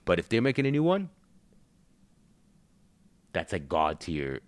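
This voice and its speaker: Excitable stammering man, lively pitch. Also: a little slow. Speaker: co-host. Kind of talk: casual livestream chat.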